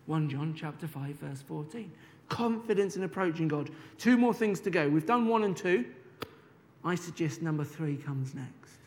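Guy preaching, high voice, chatty, long echo in a church hall. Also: a little mellow. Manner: conversational, drawn-out emphasis on key words. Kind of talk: sermon.

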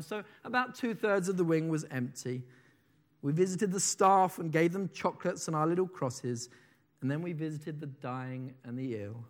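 A man preaching a sermon, swinging between loud declarations and soft, slowed phrases, and reading a testimony aloud with feeling. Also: a little high.

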